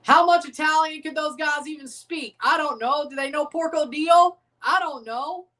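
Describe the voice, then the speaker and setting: A woman's voice: high voice, moderate pace, bright, forceful tone. Profane, joking woman hosting a watchalong. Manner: profane, joking, abrasive on purpose. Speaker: livestream host. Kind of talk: live sports watchalong commentary.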